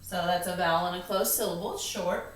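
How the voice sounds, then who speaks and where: With a fairly low-pitched voice, a woman patiently teaches phonics, giving slow, step-by-step instruction. The echoey classroom has faint ambience, and there's a little hiss or hum.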